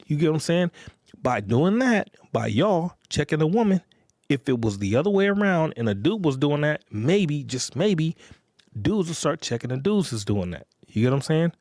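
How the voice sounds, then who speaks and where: The podcast host has a voice on the high side, very animated and darkish, speaking at normal speed. He rambles casually and profanely, often checking in with his audience by repeating "you get what I'm saying." Sound is clean studio quality without echo.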